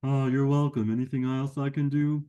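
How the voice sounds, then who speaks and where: A man's voice: medium pitch, little pitch movement, moderate pace, mellow, smooth, dull audio, natural voice. A man voicing a cheerful, chatty sidekick puppet who keeps butting in with eager, friendly remarks. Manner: eager, friendly, pops in uninvited.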